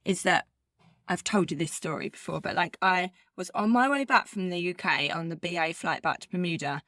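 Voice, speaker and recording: A woman's voice: lowish voice, a little fast, fairly bright tone, dry recording, clean studio sound. A woman co-hosting a podcast in casual chat, telling stories in a chatty, rambling way full of "like". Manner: chatty storyteller, lots of "like". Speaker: podcast co-host. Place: living in Bermuda as an expat.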